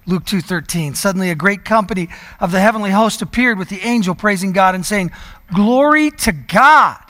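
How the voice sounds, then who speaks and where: A man preaching a sermon, telling a story and slowing down to stress key words. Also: high-pitched, fairly bright tone, in a large hall. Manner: storytelling preacher, slows down for emphasis. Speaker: pastor.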